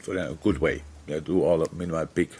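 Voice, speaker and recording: A middle-aged football manager answering press questions frankly, with many restarts. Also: male voice, very deep voice, steady tone, fast, a little mellow, breathy edge. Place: press conference room.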